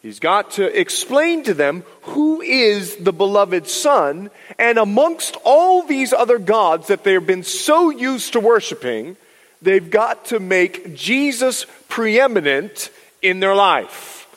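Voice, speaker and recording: Middle-aged male pastor, animated sermon delivery, high voice, echoey sanctuary. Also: takes it slowly. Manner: animated storytelling, acts out quotes. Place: church sanctuary. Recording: long reverb of a large hall.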